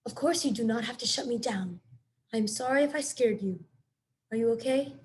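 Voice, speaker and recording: A woman doing a robot mom, calm, formal, gentle, measured, storybook. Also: on the high side, slight background noise, natural voice. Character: calm, polite female robot mother.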